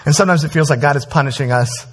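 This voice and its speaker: A man preaching a sermon as pastor, animated and conversational, with frequent asides to the congregation. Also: fairly high pitch, very fast.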